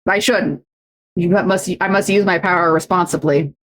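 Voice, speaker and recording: A woman's voice: on the low side, brisk. A young adult woman streamer in casual chat, talking in loose runs full of fillers and restarts. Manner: chatty, many fillers and restarts. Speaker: streamer and co-host.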